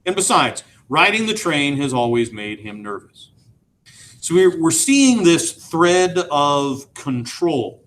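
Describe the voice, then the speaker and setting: A high school English teacher with a fairly high, fairly bright voice reads a novel aloud to his class, speaking slowly but very animatedly. He shifts voices for the dialogue and asks his students questions.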